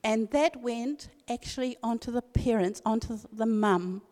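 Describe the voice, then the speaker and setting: An older woman speaking at a women's church meeting gives an earnest devotional talk, telling a family story and repeating key phrases for emphasis. Her voice is fairly high and a little mellow, her pace measured, and a hall's long reverb surrounds it.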